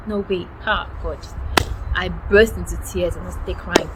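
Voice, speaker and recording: A woman's voice: lowish voice, fairly even intonation, normal speed. A young woman from Cameroon animatedly retelling a personal story, acting out quoted dialogue with frequent exclamations. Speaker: vlogger. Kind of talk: storytelling vlog. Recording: noticeable background noise.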